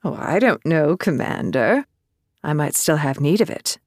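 A man's voice: high-pitched, big pitch swings, moderate pace, breathy edge, no echo, clean studio sound, pitched above the performer's own voice, exaggerated voice. A man voicing a proud young female soldier who teases lightly. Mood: teasing, soft.

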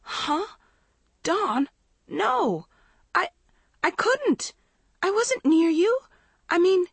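A woman's voice: very high-pitched, big pitch swings, extremely slow, vocal fry, no room sound, pitched above the performer's own voice, heavily acted. A woman voicing a panicked teenage schoolgirl in a storybook reading, stammering and pleading.

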